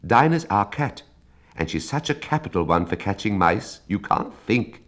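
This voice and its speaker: A man's voice: on the low side, expressive, normal speed, a bit bright. A man voicing Alice, a polite and eager young girl in a storybook. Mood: earnest. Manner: humble and eager. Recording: reading over clear music.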